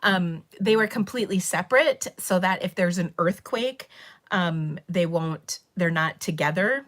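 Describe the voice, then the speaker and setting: A woman's voice: lowish voice, measured pace, fairly bright tone. A middle-aged woman, hosting a live stream and chatting casually, rambling through stories with laughs and fillers. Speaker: livestream host. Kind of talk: casual chat.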